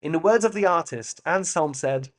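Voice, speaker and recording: A man's voice: on the high side, lively intonation, normal speed. A man hosting a solo podcast, musing in a playful way with loose asides and the occasional swear word. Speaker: podcast host. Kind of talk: reflective solo monologue.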